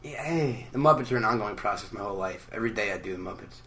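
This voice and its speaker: A man co-hosting a podcast in casual chat, energetic and joking and swearing freely. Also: on the low side, fast.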